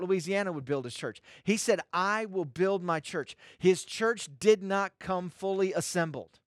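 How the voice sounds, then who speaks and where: Pastor guy preaching, high voice, repeats stuff for emphasis, dry close mic. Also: no room sound. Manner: emphatic, repeats phrases for stress. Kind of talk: sermon.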